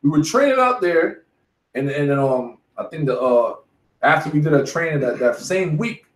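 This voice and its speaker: A man's voice: fairly high pitch, expressive, normal speed. Emphatic profane man in an echoey room. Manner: emphatic, profane, says "man" after almost every phrase. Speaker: street bible teacher leading the study. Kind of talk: casual preaching and war stories.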